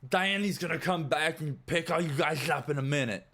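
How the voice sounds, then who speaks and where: A man voicing a crude, taunting male prison guard in a tabletop game, with sneering, drawn-out taunts. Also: fairly high pitch, fairly bright tone, pitched above the performer's own voice.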